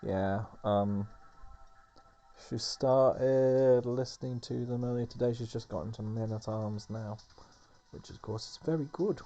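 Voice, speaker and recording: A man's voice: medium pitch, steady tone, slow pace, dark tone, muffled recording, faint music behind. A man rambling casually over gameplay as a let's play host, with lots of fillers and restarts. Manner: rambling, filler-heavy chatter.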